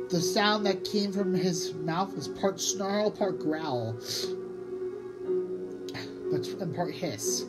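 A woman's voice: on the low side, low-quality recording. Woman reading a storybook aloud over music. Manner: expressive, drawn-out emphasis. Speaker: audiobook narrator. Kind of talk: storybook read-aloud narration.

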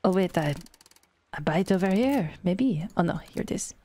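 A woman's voice: fairly low pitch, expressive, moderate pace, dark tone. A young woman streaming a game, chatting playfully and slipping into a joking mock French accent. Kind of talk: casual gameplay commentary.

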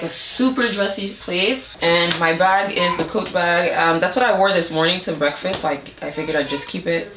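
A young woman from Montreal with a slightly hoarse voice, chatting casually to camera in a rambling, filler-heavy way. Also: lowish voice. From Montreal, Canada. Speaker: vlogger. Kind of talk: casual vlog chat to camera. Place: indoors at home. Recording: echoey room with noise.

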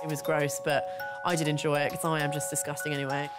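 A woman's voice: low-pitched, little pitch movement, fast talker. A woman, a contestant speaking frankly and reflectively to camera. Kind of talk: interview to camera. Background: music.

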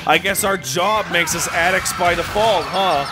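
A man co-hosting casual gaming commentary, excitable and profane, jumping to shouts. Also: high voice, unhurried. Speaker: let's play co-host. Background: game music.

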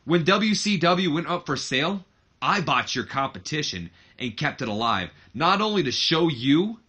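A man's voice: mid-range voice, sharp tone, husky, full character voice. A man voicing a brash young heir to a wrestling company, taunting his father in a smug promo.

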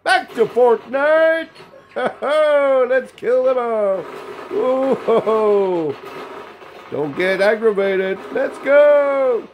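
A high-pitched Australian man narrating his gameplay in an unhurried, playful way. His voice swings widely up and down as he chuckles along and throws out sing-song exclamations, with a faint hiss behind him. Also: animated. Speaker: gaming channel host. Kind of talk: casual gameplay commentary.

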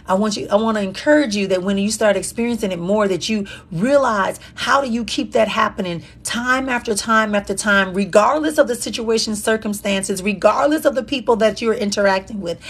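A woman's voice: medium pitch, husky. A woman hosting a live-streamed motivational chat, speaking in repetitive affirmations with a preacher-like cadence. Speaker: host and life coach. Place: indoor room at a conference venue.

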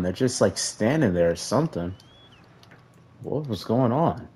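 Young gaming commentator, male, deep and dark-toned, frustrated running play-by-play of his own match. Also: measured pace, slightly rough. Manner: frustrated, talks to players on screen, flat sighs between outbursts. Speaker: gaming YouTuber. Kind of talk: casual gameplay commentary.

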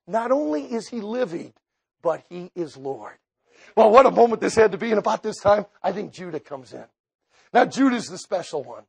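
A middle-aged man preaching a sermon, swinging from hushed lines to loud, emphatic ones. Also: high voice, vocal fry, husky.

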